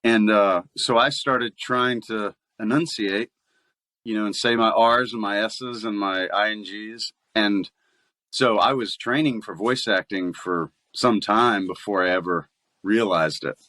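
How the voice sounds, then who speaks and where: Southern guy talking shop, laid back and chatty, lowish voice, dry close mic. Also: unhurried, sharp tone, no echo. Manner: easygoing and chatty, laughs often. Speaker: voice actor guest. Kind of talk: casual interview chat.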